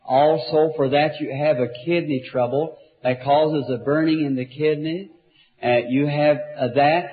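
Male evangelist, healing-service preacher, earnest and soft-spoken, tinny archival sound. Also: medium pitch. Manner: gentle, earnest, talks directly to each person. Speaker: evangelist leading a healing line.

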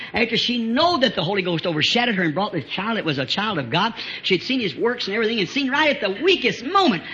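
Brief: high, bright-toned male preacher, fervent and shouting at peaks, heard on a muffled old tape. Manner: fervent, rising to shouts, chuckling between phrases. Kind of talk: revival sermon.

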